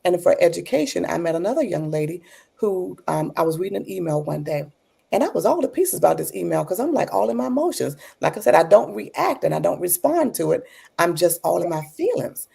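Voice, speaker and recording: A woman's voice: lowish voice, very animated, brisk, gravelly, warm tone, breathy edge. A woman who is an author and educator, telling reflective personal stories in an interview and coming alive when she retells conversations.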